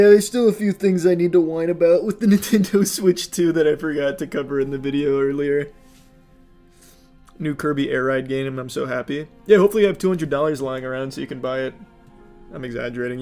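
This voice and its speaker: A young adult man streaming, ranting casually with lots of swearing and frequent laughter. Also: medium pitch. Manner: animated, profane, laughing often. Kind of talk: casual livestream rant.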